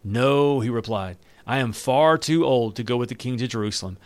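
A man of middle pitch reads a Bible chapter aloud. He breaks off at times to retell the story in loose, everyday words. The recording is close and dry, with no room sound. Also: animated, fairly quick, no room sound. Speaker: Bible reader and teacher. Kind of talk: Bible reading with casual commentary.

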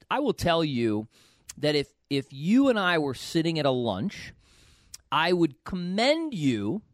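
A man hosting a podcast, giving emphatic, animated career advice to a student. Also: on the high side, no room sound, studio quality. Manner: animated, emphatic, repeats words. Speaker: podcast host, financial advisor. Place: US, Kentucky.

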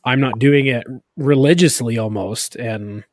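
A man's voice: medium pitch, unhurried, no echo. Chatty man with a dry, close sound. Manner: self-deprecating, chatty, full of "like". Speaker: podcast co-host. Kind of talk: casual chat.

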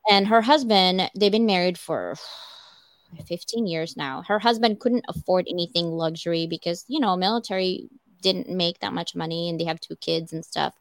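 A woman's voice: on the low side, normal speed, no echo. Chatty woman host, dry sound. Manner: animated storyteller, chatty. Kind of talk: casual chat.

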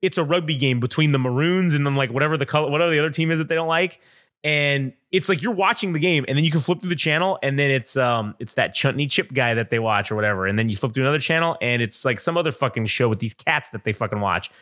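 A man's voice: mid-range voice, fast talker, a bit bright, dry recording, studio quality. Profane rambling man telling a story. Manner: profane, rambling, acts out quotes in funny voices. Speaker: podcast co-host. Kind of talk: casual storytelling chat.

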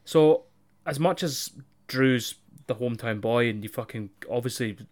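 Brief: young man, mid-pitched, relaxed sweary banter. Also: moderate pace. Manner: chatty, sweary, laughs easily. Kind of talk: casual chat.

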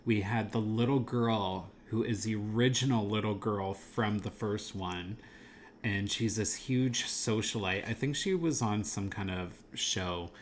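With a lowish, unhurried voice and slight background noise, this man talks casually about a movie he watched. As a movie podcast co-host, he rambles with enthusiasm and laughs from time to time.

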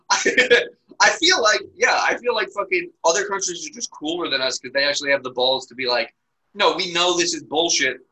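Laughing, bright-voiced young man joking around. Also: a little high, moderate pace, a little hiss or hum, low-quality recording. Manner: laughs constantly, crude and joking. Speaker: podcast co-host. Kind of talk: casual comedic chat.

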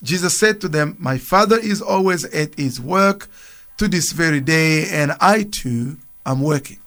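A man's voice: a little high, animated, a little slow, fairly bright tone. A man on a radio program reading Bible passages aloud and explaining them in a loose, conversational way. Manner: reads scripture aloud, then comments with restarts and chuckles. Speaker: church speaker on a radio program.

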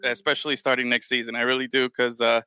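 Bright-voiced man chatting on a podcast. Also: mid-range voice, level tone, quick pace, smooth, no echo, soft background music. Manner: rambling, restarts often, says "man". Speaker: podcast co-host. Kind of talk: casual chat. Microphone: remote call with mute button.

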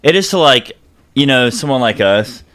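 A man's voice: medium pitch, lively intonation, moderate pace, fairly bright tone. A man, telling a rambling, profane story in casual podcast chat, with lots of "I was like.". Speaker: podcast co-host.

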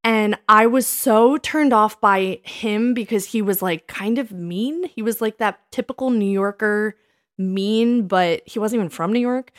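A woman in her thirties co-hosts a relaxed chat, recounting old dates with lively, animated delivery. She slips into the voices of the people in her stories as she goes. Her voice sits at an ordinary, middle pitch. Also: measured pace. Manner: animated storytelling, acts out quoted lines. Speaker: podcast co-host. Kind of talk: casual chat.

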